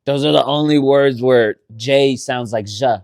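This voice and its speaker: A man co-hosting a casual podcast, explaining things in a rambling, animated way and swearing often. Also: medium pitch, measured pace, gravelly, smooth, no room sound, clean studio sound. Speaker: podcast co-host. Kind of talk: casual chat.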